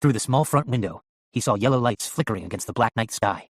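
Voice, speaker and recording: A man narrating an audiobook in an animated storytelling manner. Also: mid-range voice, fast talker, dry recording.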